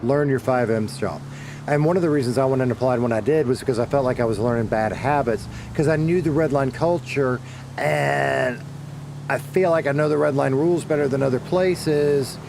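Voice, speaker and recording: A middle-aged streamer chats with viewers while gaming, rambling loosely, swearing casually, and often going back to correct himself. His ordinary-pitched voice has vocal fry and a moderate pace, with a faint hiss of noise in the background.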